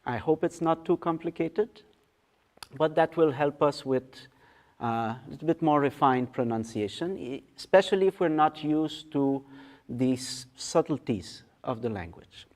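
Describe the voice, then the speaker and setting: Slow, patient man teaching mantra pronunciation. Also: fairly high pitch, darkish tone. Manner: patient, explains step by step, often checks in with "okay?"; chants words slowly and drawn out. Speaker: meditation teacher. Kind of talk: guided mantra pronunciation lesson. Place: meditation hall.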